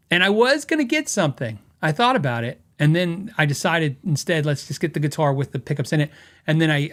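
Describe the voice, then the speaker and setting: A man hosting a podcast, telling stories in a rambling, casual way and laughing often. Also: a little high. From western United States. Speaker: podcast host.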